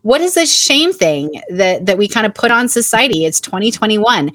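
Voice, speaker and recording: A woman's voice: medium pitch, sing-song, moderate pace, fairly bright tone, no room sound. A woman co-hosting a podcast in frank, casual chat, blunt and swearing freely. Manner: blunt and candid, swears freely, acts out quotes. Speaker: podcast co-host.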